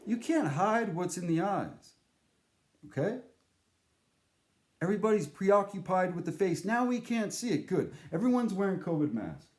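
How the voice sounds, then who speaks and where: An animated man tells a rambling story, his pitch swinging high and low as he acts out the people in it. His tone is dark and mellow, and the room around him rings with echo. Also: moderate pace. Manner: animated, profane, acts out voices he quotes. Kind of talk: casual storytelling monologue.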